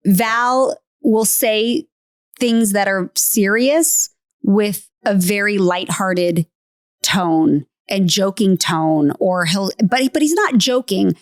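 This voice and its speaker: A woman's voice: mid-range voice, slow pace, no room sound, clean studio sound. A middle-aged woman hosting a faith podcast, talking casually and animatedly, laughing often. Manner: animated, laughs often, acts out quoted voices. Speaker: podcast host.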